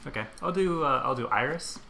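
A man's voice: mid-range voice, lively intonation, fairly quick, gravelly, sharp tone, slight background noise. A man co-hosting a comedy podcast who chats in a laid-back, joking way. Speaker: podcast co-host. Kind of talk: casual chat.

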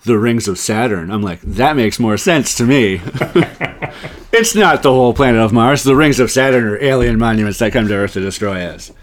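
A man's voice: mid-range voice, expressive. A man co-hosting a comedy podcast, riffing playfully and laughing often as he brainstorms. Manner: playful, laughs often, puts on quick silly voices. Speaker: podcast co-host. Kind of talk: casual comedic brainstorm chat.

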